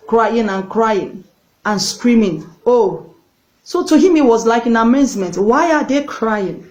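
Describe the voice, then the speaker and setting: A woman's voice: on the high side, darkish tone, rough recording. A woman evangelist preaching a sermon, telling a story and urging viewers directly, repeating words for emphasis. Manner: earnest, directly addresses viewers.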